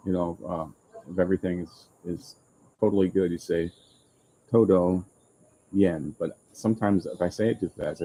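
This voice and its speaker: A man hosting a casual live chat for his channel, rambling and self-deprecating, with halting restarts. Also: low voice, mellow, slight background noise, poor audio. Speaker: YouTube channel host. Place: open-air restaurant overlooking the ocean.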